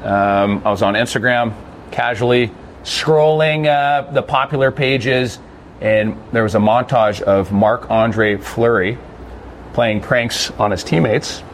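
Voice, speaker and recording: A male podcast host with a steady, middle-pitched voice, breezy and upbeat as he steers a casual chat. A faint hiss sits under his talk. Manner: breezy, upbeat, guides the talk with quick questions.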